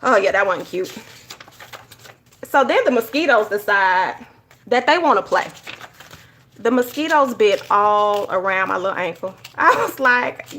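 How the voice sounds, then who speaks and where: A woman telling stories in a casual, animated way while she decorates her journal. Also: medium pitch, a little slow, pauses often, slight background noise. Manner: animated storytelling, addresses viewers as y'all. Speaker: journaling YouTuber.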